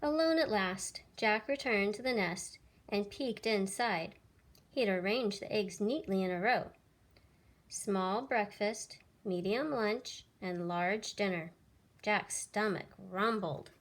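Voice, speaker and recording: A woman teacher reading a children's picture book aloud with expressive storytelling. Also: medium pitch, slow.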